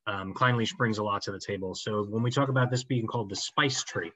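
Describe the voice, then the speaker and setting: A man's voice: on the low side, quick pace, bright, forceful tone, husky, dry recording. A man presenting a whisky tasting, explaining in a knowledgeable, conversational way over a video call. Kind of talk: informal explanatory talk. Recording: dull, dry call audio.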